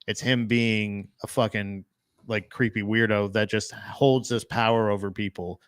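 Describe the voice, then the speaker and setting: A man's voice: on the low side, fairly even intonation, unhurried, smooth, no room sound. A man chatting casually about movies as a podcast co-host, rambling with lots of fillers and swearing.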